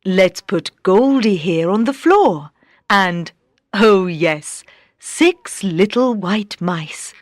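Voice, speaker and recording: A woman voicing a gentle fairy godmother in a calm, reassuring way for a storybook. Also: medium pitch, drawn-out words, no room sound, studio quality. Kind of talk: storybook read-aloud.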